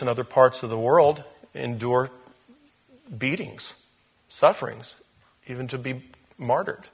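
A man with a husky, slightly breathy voice preaches a sermon. He is animated and talks straight to his congregation, often doubling back on his words as he presses a point. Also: mid-range voice. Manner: animated, repeats words, speaks to the crowd directly. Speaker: pastor.

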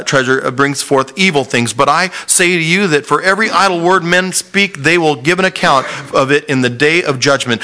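Guy preaching a bible sermon, earnest and animated, bright voice. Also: medium pitch. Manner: earnest and animated, reads scripture aloud and explains it. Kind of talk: sermon-style Bible teaching.

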